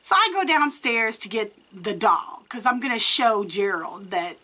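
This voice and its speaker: A woman's voice: medium pitch, unhurried. A woman in her forties telling a true story casually, acting out the dialogue and laughing often. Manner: animated, acts out quoted dialogue, laughs often. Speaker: storytime vlogger.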